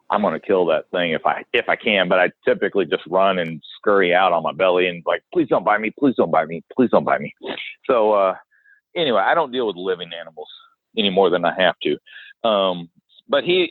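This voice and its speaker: Low-voiced man telling a story over a tinny line. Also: dry recording. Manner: animated storyteller acting out quotes. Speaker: podcast co-host, dead animal removal worker. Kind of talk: casual storytelling chat. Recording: dry phone-like line.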